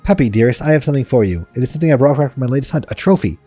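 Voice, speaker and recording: A proud noblewoman greets her husband in a strategy game, voiced by a man, doting and showy. The tone stays mellow and dark. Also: mid-range voice, animated, rapid-fire, slightly rough, faint music behind. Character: proud noblewoman, the monarch's wife.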